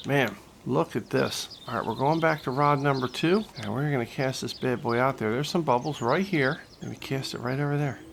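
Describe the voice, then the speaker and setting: Gravelly man joking through gameplay. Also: fairly high pitch. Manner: joking, excitable trash talk. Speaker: gaming channel host. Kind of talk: casual gameplay commentary.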